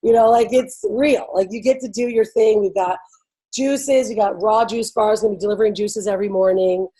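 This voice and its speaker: Woman, husky voice, bubbly host, chatty, lots of fillers. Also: medium pitch, steady tone, fairly quick, dark tone, low-quality recording. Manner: bubbly, laughs often, lots of "like" and "you know". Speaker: event host. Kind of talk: casual explanatory talk to attendees.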